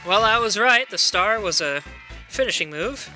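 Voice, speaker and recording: A man's voice: high-pitched, animated, moderate pace, pushed and bright, faint music behind. A man commentating on his own video game playthrough in a chatty, casual way, sometimes reading the on-screen text aloud. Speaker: gameplay commentator. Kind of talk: let's play commentary.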